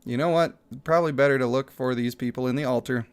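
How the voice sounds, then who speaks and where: Speaking quickly in a smooth, mid-range voice, this young man keeps up easygoing livestream banter while playing a mobile game. He's lively, laughs often, and reads out donations and chat messages for his audience.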